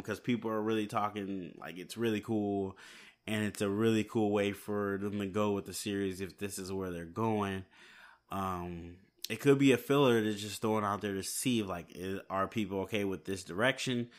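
A man's voice: lowish voice, a bit bright. A man hosting a casual solo podcast from home late at night, rambling and sounding tired. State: hiccups. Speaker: podcast host.

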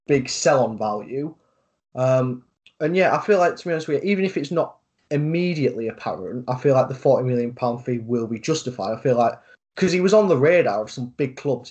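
A man's voice: medium pitch, darkish tone. Hesitant man talking football. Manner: hesitant, many fillers, measured. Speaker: podcast co-host. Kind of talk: casual football chat.

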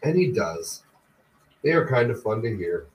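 A man, the host of a podcast, reading a book aloud slowly and deliberately. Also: mid-range voice. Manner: slow, deliberate, even reading. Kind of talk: audiobook-style reading. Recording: distant mic with faint background noise.

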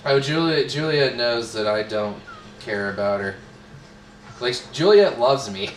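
A man's voice: medium pitch, lively intonation, measured pace, distant mic. A young man who works at a sub shop, chatting casually and sarcastically with lots of swearing. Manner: sarcastic, swearing, acts out coworkers in quotes. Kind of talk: casual podcast chat. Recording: echoey room, off-mic, faint noise.

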